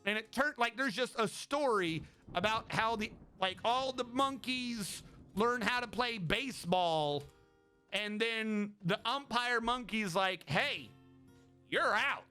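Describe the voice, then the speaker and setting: A man's voice: high-pitched, slow, sharp tone, clean tone, soft background music. A male streamer chatting casually, rambling, swearing and restarting his sentences a lot. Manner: rambling and profane, with many restarts. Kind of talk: casual chat.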